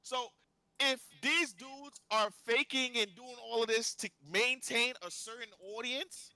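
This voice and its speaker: A man's voice: extremely high pitch, fairly even intonation, a little slow, pushed and bright, clear, resonant tone, no echo. A man on a casual podcast debate, rambling with fillers and checking for agreement.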